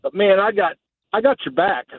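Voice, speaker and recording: A man's voice: high-pitched, animated, breathy edge, dry recording. Emotional middle-aged texas guy calling in, stops and starts, thin phone sound, dry. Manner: emotional, earnest, halting. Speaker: caller. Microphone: phone line. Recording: tinny phone line.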